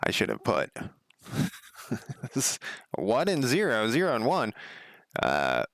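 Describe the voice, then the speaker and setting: A man's voice: mid-range voice, huge pitch swings, slow pace, a bit bright, no echo, studio quality. A middle-aged man giving casual, rambling commentary as he codes a game, talking to himself and laughing at his own slips. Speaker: game developer streaming his coding. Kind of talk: casual live coding commentary.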